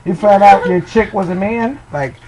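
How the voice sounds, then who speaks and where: This storyteller is a young man whose voice sits high and moves at a moderate pace. He rambles through funny stories in a relaxed way, swearing and chuckling along with himself, over faint background noise.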